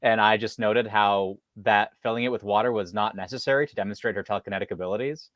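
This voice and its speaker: Low-voiced hesitant man chatting about film. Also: fairly even intonation, quick pace, a bit bright, dry recording, highs cut off. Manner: hesitant, many fillers and restarts. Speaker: podcast co-host. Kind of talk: casual film discussion.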